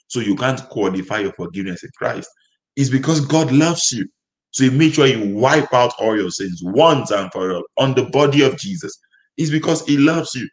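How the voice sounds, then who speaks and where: A man's voice: mid-range voice, low-quality recording. Emphatic male preacher. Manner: emphatic, repetitive declarations. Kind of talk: sermon.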